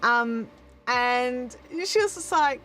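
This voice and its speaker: An Australian woman hosts a live stream and chats casually with viewers, rambling and restarting often. Her high, slightly bright voice is expressive and slow, captured on a good studio microphone.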